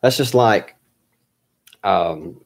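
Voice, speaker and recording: A man telling a personal story in a halting way, pausing often with fillers and restarts. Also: on the low side, animated, creaky.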